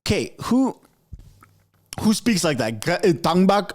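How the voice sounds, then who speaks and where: A man's voice: sits high, very animated, a little slow. A man giving a sarcastic, exasperated political rant as a commentary host. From Canada.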